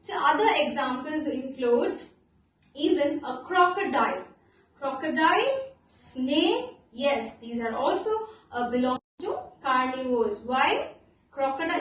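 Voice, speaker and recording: A high-pitched woman teaching young children, with an Indian English accent and an unhurried, playful way of asking questions. Her voice rings in a very echoey room, picked up from some distance away. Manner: animated, playful, asks children questions and spells words out slowly. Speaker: primary school teacher. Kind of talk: online class lesson for young children.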